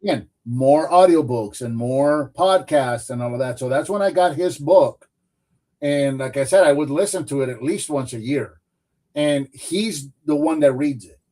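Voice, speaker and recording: Chatty male podcast host, slightly high. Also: normal speed. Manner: animated, uses "like" and "dude" a lot. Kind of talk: casual chat.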